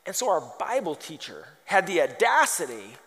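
A man's voice: a little high, huge pitch swings, normal speed, a bit bright. A man preaching a sermon, firing off rhetorical questions and telling humorous stories. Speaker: pastor. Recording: long hall reverb.

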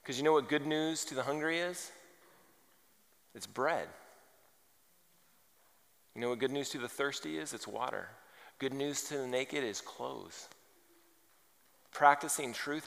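A man preaching a sermon, telling funny stories and building to loud, emphatic points. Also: medium pitch, measured pace, vocal fry, pauses often. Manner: animated, humorous, rising to loud emphasis. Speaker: pastor. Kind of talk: sermon with storytelling. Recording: reverberant large hall.

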